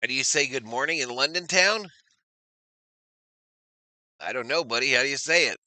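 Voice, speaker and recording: A man doing energetic live play-by-play of a football game on his stream, stopping to read and answer viewer chat. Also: mid-range voice, normal speed, no room sound. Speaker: live stream sports commentator.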